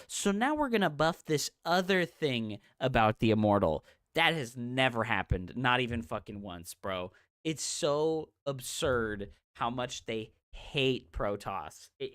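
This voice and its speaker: A woman with a bass voice goes on a profane livestream rant about a game, sounding exasperated. She mocks and repeats her digs, and the recording is studio quality with no room sound.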